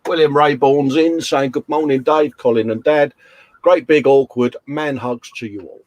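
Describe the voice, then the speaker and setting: A man hosts a casual livestream, chatting and reading out comments in a jokey, rambling way, with lots of "uh" and "mate." His medium-pitched voice is a little mellow with fairly even intonation and a moderate pace, and there's no room sound.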